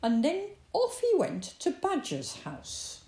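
A woman reading a children's story aloud in an expressive, sing-song way. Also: high-pitched, slow pace. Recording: roomy echo.

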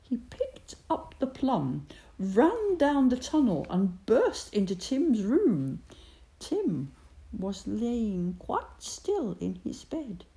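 A woman reading a storybook aloud with expressive, gentle storytelling. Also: fairly high pitch, slow.

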